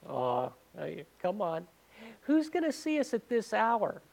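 A man's voice: high voice, wildly swooping pitch, a little slow, gravelly, darkish tone, voice pushed up, full character voice. A man voicing a cocky young man coaxing his date for a goodnight kiss. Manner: coaxing, pleading.

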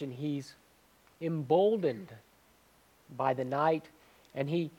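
Slow-talking man preaching a sermon. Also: a little high, darkish tone. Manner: conversational, questions the congregation. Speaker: pastor.

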